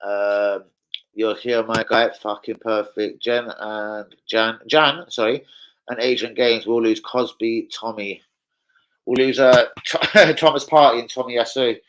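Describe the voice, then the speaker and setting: A man's voice: mid-range voice, fairly even intonation, measured pace, fairly bright tone, rough recording. A man chatting live to viewers about football, with sweary, blunt banter. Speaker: football fan streamer. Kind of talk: casual live-stream chat.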